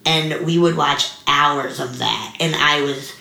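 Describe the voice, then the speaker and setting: A young woman chats through a memory on an interview show. Her voice sits a little low but sounds bright and forward. She pops into quick animated voices for the people she quotes, and the room leaves a roomy echo. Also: creaky. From US mountain region. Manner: chatty, many likes, animated quoted voices. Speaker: guest comedian. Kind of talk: casual interview storytelling.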